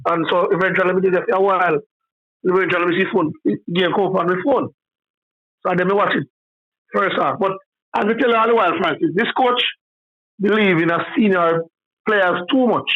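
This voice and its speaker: A man's voice: high voice, brisk, pauses often. A man with a Jamaican accent calling in to a sports show, rambling in heavy patois. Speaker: caller. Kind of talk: casual phone-in chat. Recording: tinny phone line.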